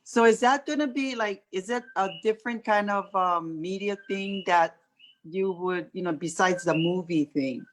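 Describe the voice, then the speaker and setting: A woman's voice: medium pitch, moderate pace, low-quality recording. Rambling encouraging woman host. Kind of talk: casual interview chat.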